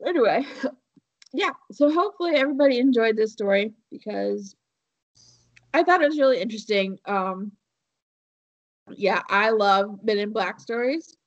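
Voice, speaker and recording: Woman podcast host rambling thru a story, lots of ums and likes, kinda high voice. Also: animated, normal speed, long pauses, highs cut off. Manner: rambling with many fillers and laughs. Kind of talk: casual chat, telling a story.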